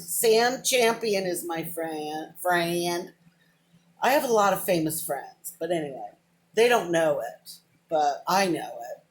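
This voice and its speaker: A middle-aged woman rambling to a close camera in a casual, emotional vlog monologue, drifting between thoughts with "but anyway". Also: on the low side. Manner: rambling, self-described, wanders off and says "but anyway"; emotional, openly talks about crying. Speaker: vlogger. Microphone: camera close to the face, within arm's reach.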